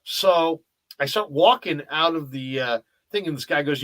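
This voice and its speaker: A man hosting a casual sports radio show, telling anecdotes as a lively storyteller who acts out the dialogue. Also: fairly high pitch, moderate pace.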